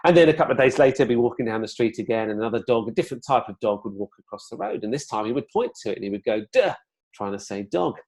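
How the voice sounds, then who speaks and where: Racing along with few pauses in a mid-range voice, a man gives a webinar explanation. His delivery is relaxed and conversational, full of fillers and asides.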